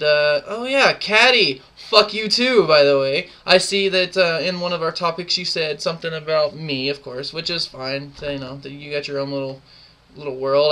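A young man in his twenties rants to camera, defiant and mocking, with constant swearing. His voice sits a little high, with a tense, bright edge. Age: 20s. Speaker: gaming clan member. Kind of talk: ranting video monologue.

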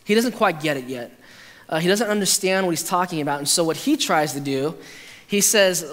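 A man's voice: a little high, lively intonation, fairly quick, a bit bright. A male pastor preaching a conversational, humorous sermon, acting out quotes with restarts. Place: church sanctuary. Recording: hall reverb.

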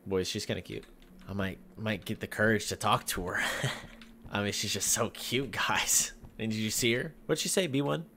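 A man giving casual joking commentary while playing a horror game, talking to his viewers with sudden yelps and shouts. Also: fairly low pitch, moderate pace, slight background noise. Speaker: gaming video host. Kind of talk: casual let's-play commentary.

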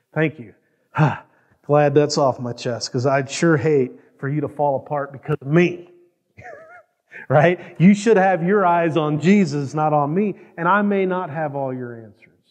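A man's voice: fairly high pitch, big-room sound, highs cut off. A man preaching a sermon as pastor, often asking the congregation questions and acting out quoted prayers. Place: church sanctuary.

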